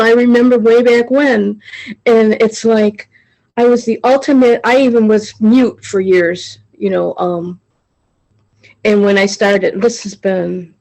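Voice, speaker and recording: Halting, emotional woman on a video call. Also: mid-range voice, vocal fry, a little mellow, poor audio. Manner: halting, rambling, many restarts and "it's like"; emotional, confessional. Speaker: study group member sharing. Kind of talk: personal sharing on a group video call.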